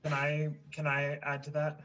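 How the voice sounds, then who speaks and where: A man's voice: fairly high pitch, monotone, moderate pace, bright, forceful tone, muffled recording. A man playing a tabletop game, hesitant and thinking aloud as he talks. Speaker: player.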